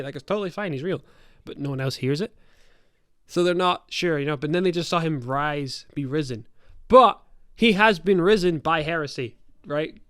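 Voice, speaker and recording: The voice sits on the high side, slightly bright and smooth, with no echo and clean studio sound. A young podcast host and game master rambles casually through a tabletop game tale, cursing freely and frequently pausing to fix what he said.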